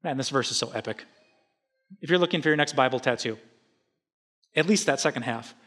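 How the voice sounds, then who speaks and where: A middle-aged man preaching a sermon, lively, casual and joking with his listeners. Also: mid-range voice, brisk. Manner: energetic, conversational, humorous. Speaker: pastor.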